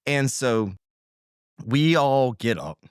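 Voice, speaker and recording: On a podcast, a man tells a casual story in an animated way, laughing often and acting out sounds and quotes. His medium-pitched voice is clean and unhurried, recorded dry with studio quality.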